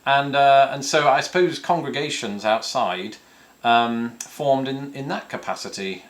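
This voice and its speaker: A man's voice: mid-range voice, a little slow. A man from the north of England, hosting a casual question-and-answer video from home, rambling and self-deprecating with many fillers and restarts. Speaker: YouTube host answering viewer questions. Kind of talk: casual chat. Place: home, with a cat nearby.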